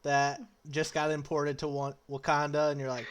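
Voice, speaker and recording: A man's voice: on the high side, completely flat delivery, normal speed, smooth. A young man co-hosting a casual chat, joking, with stammering restarts as he introduces each topic. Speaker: podcast co-host.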